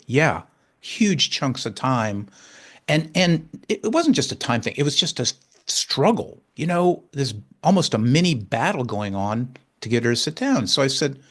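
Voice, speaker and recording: An earnest man in his sixties recounts a personal story as a guest, in a mid-pitched voice. He talks haltingly, restarting phrases and repeating words as he goes. Now and then his feeling breaks through as he laughs.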